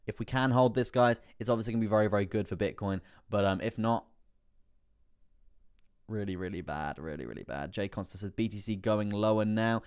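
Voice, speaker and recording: A crypto livestream host chats casually through price charts, laughing often and repeating his words as he talks. His voice is fairly low, brisk, a little mellow, and clean in tone.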